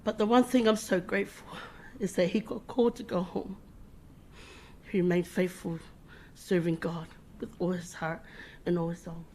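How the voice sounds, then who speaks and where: A middle-aged woman delivers a funeral eulogy for her brother, emotional and informal, often restarting her words and laughing through tears. Her voice is on the low side and darkish, with fairly even intonation at normal speed, and there's slight background noise.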